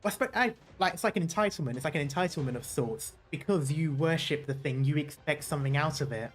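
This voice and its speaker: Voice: medium pitch, expressive, quick pace, soft background music. A game streamer chatting casually through a playthrough, rambling and correcting themself, swearing now and then. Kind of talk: casual let's-play commentary.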